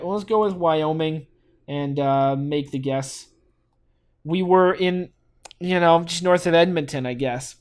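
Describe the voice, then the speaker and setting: A young man from Canada casually commenting on his own gameplay, thinking out loud with lots of fillers and restarts. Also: high voice. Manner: rambling, thinks aloud with many fillers and restarts. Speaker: gaming channel host.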